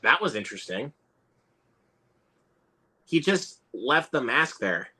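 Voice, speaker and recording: A man hosting a casual movie watch-along, reacting excitably and swearing now and then. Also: medium pitch, slow, slightly rough. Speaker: host.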